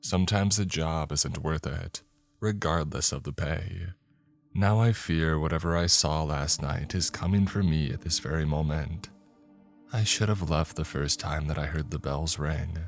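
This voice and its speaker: Very deep-voiced man narrating horror. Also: vocal fry. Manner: measured, first-person storytelling. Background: faint background music.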